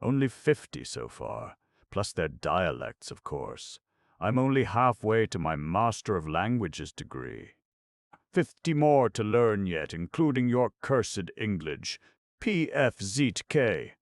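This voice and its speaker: A man's voice: lowish voice, very animated, slow pace, creaky, dry recording, clean studio sound, voice pushed up, full character voice. A man reading an audiobook, voicing a young alien woman linguist who is eager and blunt and turns her S sounds into hard Z's. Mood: proud.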